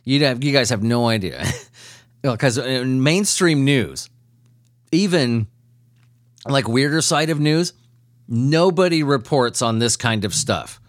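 A man's voice: mid-range voice, measured pace, pauses often, dry recording, clean studio sound. A man hosting a comedy news podcast, reading odd stories and ranting with lots of swearing and laughter. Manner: profane, laughing, animated ranting. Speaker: podcast host. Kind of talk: casual comedic news commentary.

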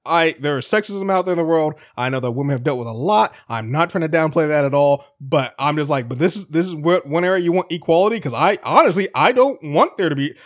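A man co-hosting a casual news-chat podcast, rambling and laughing often as he restarts his sentences. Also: fairly high pitch. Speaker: podcast co-host.

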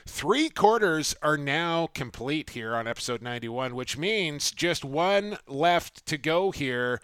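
A man's voice: fairly high pitch, animated, a little slow, hardly any pauses, fairly bright tone, smooth, dry recording. Man, middle-aged, sports podcast host, upbeat banter, resonant, dry close sound. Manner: upbeat, punchy segment intros.

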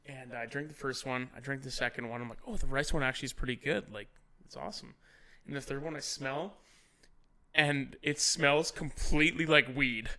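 A man in his thirties telling animated stories in casual podcast chat, swearing and laughing as he goes. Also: medium pitch, moderate pace. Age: 30s. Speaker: podcast host.

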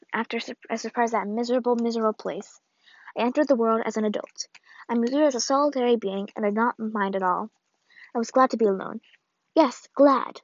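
Woman reading as an old grandmother, grave, solemn, measured, higher voice, dry lo-fi sound. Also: dry recording, natural voice. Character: old, ailing grandmother writing a grave farewell letter. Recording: dull, lo-fi dry read.

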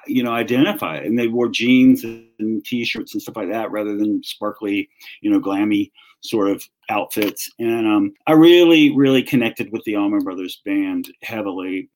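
A man in his fifties with a Southern US accent, relaxed as he tells his story in an interview. He is a music writer and author, he often restarts his sentences, and his voice sits at a middling pitch. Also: poor audio. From North Carolina. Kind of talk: conversational interview answer.

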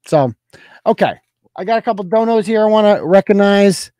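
Blunt, profane high-voiced male host. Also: expressive, moderate pace, mellow, no room sound. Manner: blunt, profane, interrupts and grills his caller. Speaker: podcast host. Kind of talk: casual livestream chat.

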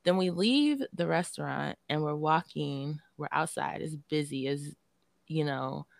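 A woman podcast co-host with a Southern US accent, telling stories in casual chat, animated and swearing freely. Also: low-pitched, unhurried, gravelly, dry recording.

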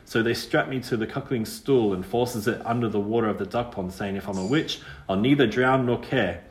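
A man's voice: lowish voice, fairly quick, roomy sound, slight background noise, close to an everyday voice. A man voicing a pert, wary young witch girl's ghost who speaks in a rustic country dialect. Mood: bitter storytelling.

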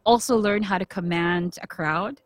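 A woman's voice: mid-range voice, normal speed, no echo. A woman with a Filipino accent, a radio and event host, chatting animatedly and laughing often. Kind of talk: casual podcast chat.

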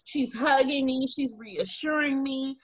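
A woman's voice: sits high, a little slow. Woman on a lo-fi call. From Alabama, US. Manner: earnest storytelling, acting out quoted voices. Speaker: guest. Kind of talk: personal testimony in an interview. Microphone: video call. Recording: dull lo-fi video call audio.

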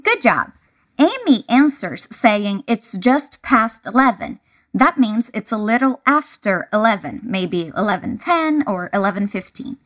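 A woman teaching English pronunciation, speaking clearly and deliberately and breaking phrases into single words for the listener to repeat. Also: mid-range voice, sing-song, a bit bright. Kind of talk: slow repeat-after-me pronunciation lesson.

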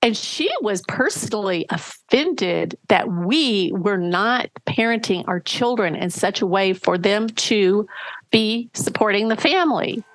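A woman coach talking in a casual podcast conversation, acting out quoted voices with lively swings. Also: mid-range voice, a little slow, dry recording. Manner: animated, acts out quoted voices. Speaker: podcast guest, relationship coach.

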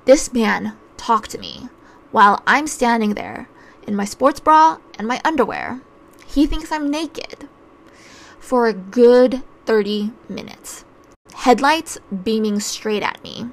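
Woman doing a chatty storytime vlog, kinda high voice w lots of vocal fry, wry and casual. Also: big pitch swings, slow pace. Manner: chatty, wry, with filler words. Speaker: vlogger telling a travel story.

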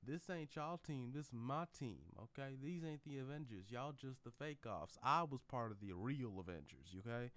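A man's voice: mid-range voice, lively intonation, moderate pace, hardly any pauses, a bit bright, dry recording, voice pushed up, natural voice. A man voicing a boastful aging male superhero who scolds the new team about his glory days, in a partly put-on country accent. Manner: bragging, scolding, slangy.

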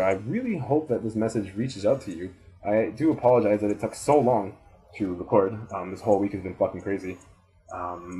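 A man's voice: on the low side, mellow, rough recording. A man in his twenties giving a rambling, casual motivational talk to a listener, swearing freely and repeating himself for emphasis. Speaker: student giving advice.

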